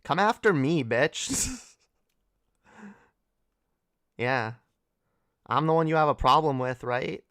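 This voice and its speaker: A woman's voice: deep voice, expressive, takes it slowly, long pauses, fairly bright tone, dry recording, clean studio sound. A young woman hosting a late-night livestream, talking casually in a sarcastic, profane rant and laughing often. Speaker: livestream host.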